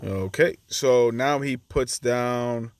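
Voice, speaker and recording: A chatty man talks through his card game match in a relaxed, conversational way. His voice sits at an ordinary middle pitch. The sound is dry and close to the mic. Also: slow, dry recording. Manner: chatty, acts out his own reactions to the opponent. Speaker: gaming channel host. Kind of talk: casual gameplay commentary.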